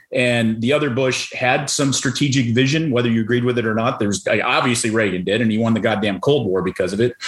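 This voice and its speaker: A man's voice: mid-range voice, roomy sound. A man co-hosting a political talk show who rants angrily and swears a lot. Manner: profane, ranting, shouts in anger. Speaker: podcast co-host. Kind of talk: heated political chat.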